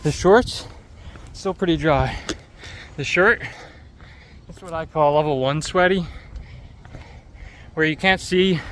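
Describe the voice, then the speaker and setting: A man's voice: on the high side, slow, long pauses, fairly bright tone, a little hiss or hum. A man out of breath, chatting and joking to a camera he carries while running outdoors in the heat. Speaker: running vlogger. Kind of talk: casual vlog commentary while running. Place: outdoors on city streets in the heat.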